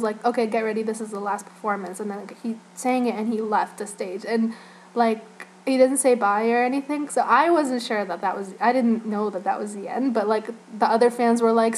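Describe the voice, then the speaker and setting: A young woman casually recapping a fan event in a vlog, rambling and giggling, filling her talk with "like". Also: on the high side. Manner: rambling, giggly, heavy use of "like". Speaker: fan vlogger.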